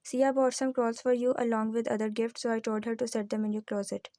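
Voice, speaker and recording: A woman's voice: on the high side, flat delivery, a little fast, mellow, no echo, studio quality, lightly acted. A woman reading the lines of a stern middle-aged mother who speaks firmly and with finality, in an audiobook. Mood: matter-of-fact. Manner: firm, final, matter-of-fact.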